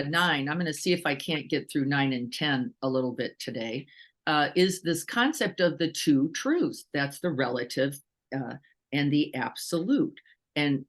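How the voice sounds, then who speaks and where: A woman teacher giving a relaxed, conversational dharma talk. She speaks with lively energy, poses rhetorical questions to her listeners and slips into quick acted-out voices as she explains. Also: sits low. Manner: animated, asks rhetorical questions, acts out quotes. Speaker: meditation teacher.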